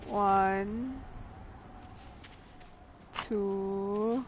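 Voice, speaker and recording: A woman's voice: mid-range voice, fairly even intonation, drawn-out words. A woman giving casual let's play commentary, laughing often and talking back to the game's characters. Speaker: gamer. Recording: dull lo-fi sound with clear background noise.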